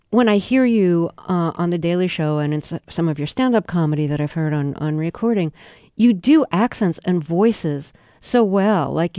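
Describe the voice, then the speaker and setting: A radio interviewer asking measured, conversational questions of a guest. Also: medium pitch, mellow, smooth, no echo, clean studio sound.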